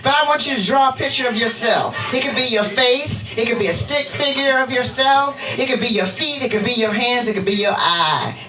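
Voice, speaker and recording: A woman minister giving an interactive sermon, leading the congregation in chants. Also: a little high. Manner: animated, leads the congregation in call-and-response chants. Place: church sanctuary. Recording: roomy church sound from a distant mic, music behind. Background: music.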